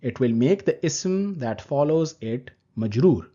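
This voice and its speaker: A man teaching Arabic grammar in a recorded lecture, explaining terms slowly and deliberately. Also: mid-range voice, animated, dark tone, slightly rough. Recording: dull lo-fi recording.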